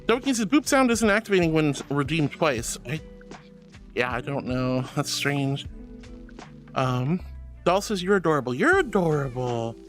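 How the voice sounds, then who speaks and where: A woman's voice: deep voice, expressive, unhurried, pauses often, faint music behind. A woman VTuber chatting casually with viewers, reading their messages aloud and calling them honey and sweetie. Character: furry angel VTuber avatar. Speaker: VTuber streamer.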